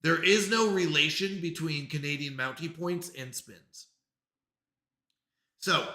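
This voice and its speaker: A man's voice: on the high side, sharp tone, roomy sound. A man live-streaming in casual chat, flustered and apologetic as he talks himself through technical trouble.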